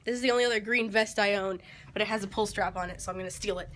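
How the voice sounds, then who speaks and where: A woman filming a casual unboxing vlog on her phone, excitedly talking to her pets. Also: mid-range voice, rapid-fire, loud music behind the voice. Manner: excitable, squealing baby talk to her pets. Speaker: vlogger with a service dog. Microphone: phone camera.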